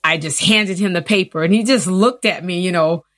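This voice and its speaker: Interview guest, woman in her fifties, low-pitched and earnest, acting out the people she quotes. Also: moderate pace, no echo, clean studio sound. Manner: earnest, animated retelling with acted quotes. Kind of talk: personal storytelling.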